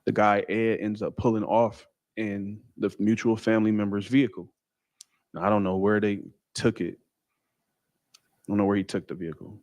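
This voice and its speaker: A man telling a personal story in a casual, halting way with many fillers and restarts. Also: lowish voice, level tone, darkish tone, no echo. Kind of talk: casual first-person account.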